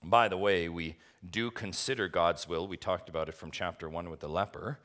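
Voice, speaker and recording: A man's voice: low voice, fairly even intonation, moderate pace, a bit bright. A man preaching an expository sermon, emphatic, asking rhetorical questions and addressing his listeners as friends. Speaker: pastor.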